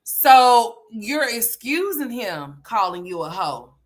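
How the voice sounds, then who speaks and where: A woman's voice: a little high, very animated, takes it slowly. Blunt, sassy woman doing reaction commentary. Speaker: commentary host.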